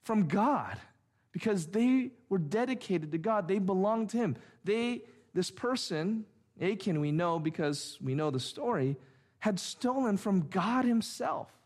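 A man's voice: sits high, expressive, a little slow, darkish tone. A middle-aged man preaching a sermon, reading scripture and explaining it with emphatic, rhythmic repetition. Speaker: pastor.

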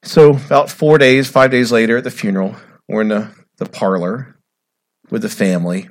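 A man in his forties preaching a sermon as a pastor, with dramatic swings from loud, raised passages to hushed storytelling. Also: on the low side, steady tone, moderate pace.

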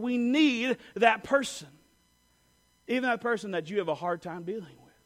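A man preaching to his congregation in a high, light voice. He talks conversationally, with fillers and quick self-corrections, and has the people repeat lines back to him. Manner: leads the congregation in call-and-response repetition. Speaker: pastor. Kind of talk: sermon.

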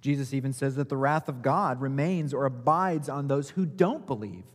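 A man preaching a sermon as pastor, asking rhetorical questions and swinging between loud emphasis and quiet, low asides. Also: moderate pace, slightly rough. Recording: long hall reverb.

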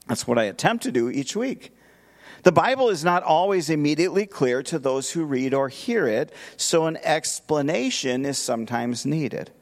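A man preaching a verse-by-verse expository sermon as pastor, emphatic and posing rhetorical questions to his listeners. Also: mid-range voice.

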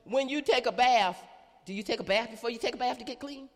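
A middle-aged woman, preaching an animated call-and-response sermon in a church. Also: a little high, fast talker, in a large hall.

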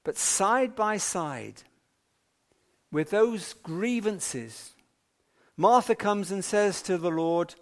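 A man preaching an evening sermon in a measured, emphatic way with long pauses. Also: high-pitched, lively intonation.

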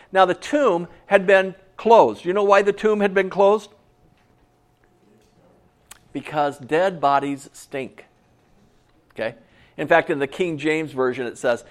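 A man preaching a sermon as pastor in a church, animated and joking with his congregation between scripture readings. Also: medium pitch, moderate pace. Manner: lively preaching with jokes aside to the congregation.

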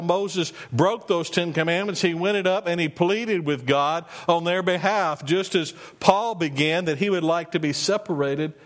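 Man preaching a sermon, higher voice. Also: fairly bright tone. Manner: reads scripture slowly, then explains it conversationally. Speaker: pastor.

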